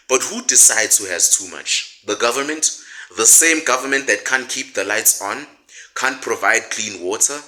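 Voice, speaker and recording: A man's voice: mid-range voice, pushed and bright, low-quality recording. A man delivering scripted political commentary, sarcastic and indignant, full of rhetorical questions. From South Africa.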